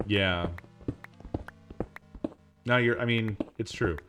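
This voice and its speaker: A man's voice: lowish voice, slow pace, fairly bright tone, soft background music. A man streaming a game, chatting casually, laughing often, swearing and rambling. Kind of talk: casual gameplay stream chat.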